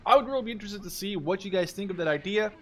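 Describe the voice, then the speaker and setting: A man's voice: high voice, rapid-fire, a bit bright. A man in his twenties, originally from the Netherlands, giving casual, rambling commentary while he plays a war game, swearing now and then. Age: 20s. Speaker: gaming YouTuber. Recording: faint game noise and artillery behind.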